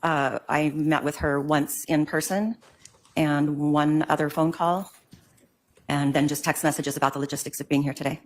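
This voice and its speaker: A woman's voice: deep voice, little pitch movement, normal speed. An older woman giving court testimony, answering hesitantly with many ums. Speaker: witness in court.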